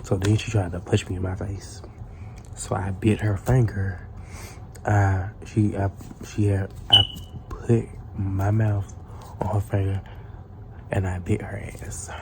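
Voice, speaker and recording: A man's voice: sits low, little pitch movement, slow pace, gravelly, long pauses, a bit bright, slight background noise. A man telling a casual storytime tale in a profane, rambling way, full of restarts.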